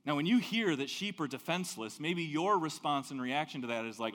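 A man preaching a sermon as pastor, telling stories with big swings between loud and soft. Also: brisk, big-room sound. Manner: animated storytelling, big swings in pitch and loudness.

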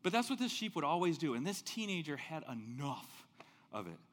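Pastor guy preaching, voice jumps all over, kinda high, big echoey hall. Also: fairly quick. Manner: animated storytelling, big swings in pitch and loudness. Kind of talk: sermon.

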